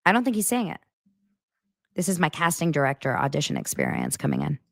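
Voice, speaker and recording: A woman's voice: low-pitched, wildly swooping pitch, brisk, a bit bright, no echo, studio quality. Emphatic woman hosting a gossip show. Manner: incredulous, emphatic, repeats herself. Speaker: celebrity gossip show host. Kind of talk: casual chat to camera.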